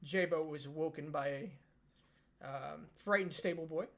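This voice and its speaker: A man narrates a tabletop game in a loose, casual way, leaning on fillers as he describes scenes. His voice sits a little high and has a gravelly fry. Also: unhurried. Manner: casual, many fillers, relaxed. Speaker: game master.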